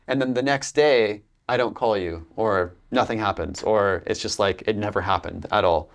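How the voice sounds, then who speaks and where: A man with a Californian American accent, an accent coach talking casually in an interview, animated, with many fillers and restarts. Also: mid-range voice, moderate pace, hardly any pauses.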